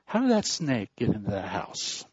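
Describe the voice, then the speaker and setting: A male pastor preaching a sermon in a church, telling stories in a slow, deliberate way, with a husky voice. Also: lowish voice, huge pitch swings, no echo. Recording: dull dry recording.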